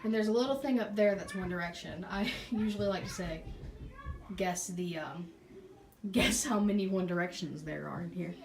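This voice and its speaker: A woman's voice: on the low side, moderate pace, gravelly, noisy background. A young woman in her late teens giving a bubbly, sassy tour of her bedroom, her nose stuffed up so she breathes hard. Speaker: beauty vlogger. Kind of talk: casual room tour chat.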